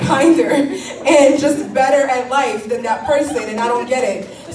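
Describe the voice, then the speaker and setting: A woman performing a stand-up comedy set, animated and laughing often, swearing and mocking what people say. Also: mid-range voice, reverberant, distant mic, noisy background.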